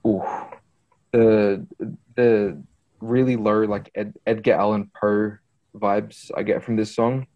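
A man's voice: lowish voice, flat delivery, slow pace, lo-fi sound. A man rambling casually about songs on a podcast, hunting for words. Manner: rambling, lots of fillers and restarts. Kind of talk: casual music chat.

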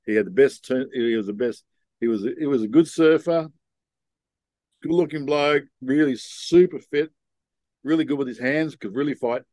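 A man's voice: medium pitch, normal speed, darkish tone, dry recording. An older man, a podcast guest telling stories in a frank, rambling way with many ums and restarts. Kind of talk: casual storytelling conversation.

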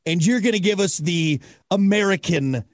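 An upbeat man hosting a casual interview, his voice sitting a bit high. The recording is dry and close, with no room sound at all. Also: moderate pace, no echo. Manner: upbeat and enthusiastic, leading the segment. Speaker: radio podcast host.

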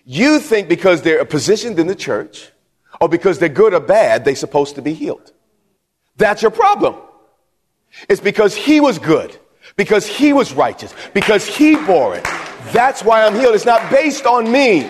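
A man's voice: sits high, big pitch swings, moderate pace, slightly rough. A man preaching a sermon from the pulpit, emphatic, repeating himself and putting questions to the congregation. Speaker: pastor. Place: church sanctuary. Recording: long hall reverb.

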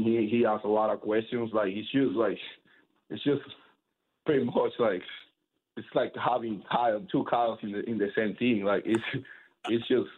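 A man, a professional baseball pitcher, answering interview questions casually, rambling with lots of fillers and restarts. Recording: tinny phone-like sound.

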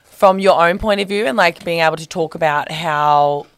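Brief: woman podcast guest, relaxed and giggly, lowish voice, dry close sound. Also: moderate pace, clean tone, no echo. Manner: easygoing, laughs often. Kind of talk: casual chat.

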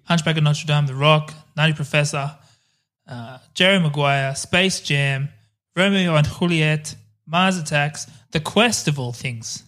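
Chatty man with a slightly high voice. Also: unhurried, a bit bright. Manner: rambling, laughs easily. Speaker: podcast co-host. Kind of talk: casual film-review chat.

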